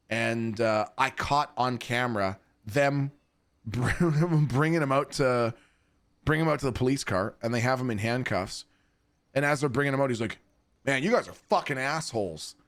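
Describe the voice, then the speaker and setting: A man streaming from home and casually telling wild stories to his chat, swearing and laughing often. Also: mid-range voice. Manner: animated, profane, laughing between lines.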